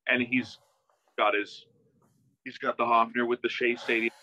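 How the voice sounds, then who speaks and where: A man, a musician guest in a casual interview, telling an animated story that acts out quoted dialogue, with many restarts, heard over a video call. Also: mid-range voice, normal speed, no echo. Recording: dull, dry video-call audio.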